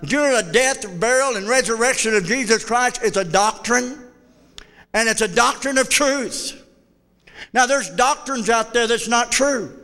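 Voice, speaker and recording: A man's voice: very high-pitched, moderate pace, sharp tone. A fervent older man preaching a sermon in a church, calling out to the congregation. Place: church hall. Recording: reverberant church hall.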